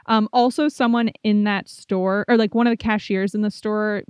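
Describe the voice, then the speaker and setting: A woman co-hosting a podcast who tells laid-back anecdotes in a relaxed, chatty way. Her voice sits at a middle pitch. The recording is dry and close-miked. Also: normal speed, clean tone, no room sound. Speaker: podcast co-host. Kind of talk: casual chat. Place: podcast studio.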